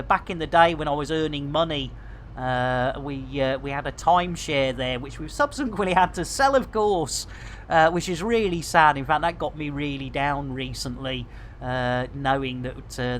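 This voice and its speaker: A man's voice: fairly high pitch, moderate pace, a bit bright, slight background noise. A man rambling casually to his chat while streaming a game. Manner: chatty, rambling, jokey.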